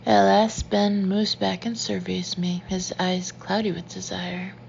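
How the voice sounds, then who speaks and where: A woman reading a first-person story aloud in an intimate, often hushed and breathy manner. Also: medium pitch, little pitch movement, a little slow, highs cut off, a little hiss or hum. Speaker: audiobook narrator. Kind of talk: first-person audiobook narration.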